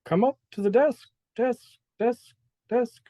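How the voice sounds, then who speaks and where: A man's voice: very high voice, slow pace, dull audio, voice pushed up, exaggerated voice. A man voicing an ancient dwarven woman clerk who repeats her last word like an echo. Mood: eerie, echoing.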